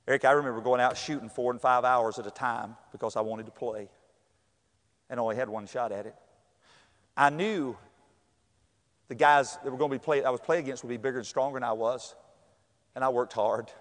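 A middle-aged man, telling a personal story with animated acted-out voices and shouts. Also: mid-range voice, normal speed, pauses often, big-room sound.

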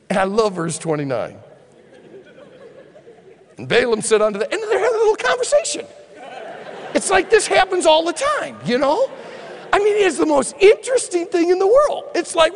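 A male preacher giving a sermon as an animated storyteller who acts out the scenes and drops to a hushed tone for appeals. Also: extremely high pitch, a little fast, creaky. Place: church hall. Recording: long hall reverb.

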